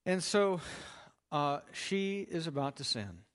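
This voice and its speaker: Lively high-voiced man preaching. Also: takes it slowly. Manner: asks the listeners questions, then answers them; lively, stressing key words. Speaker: Bible teacher. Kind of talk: expository sermon.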